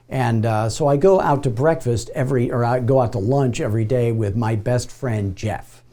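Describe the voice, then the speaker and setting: Middle-aged man, real estate coach, mellow voice, casual storytelling, acts out dialogue. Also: mid-range voice. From Phoenix, Arizona. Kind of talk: motivational video talk with storytelling.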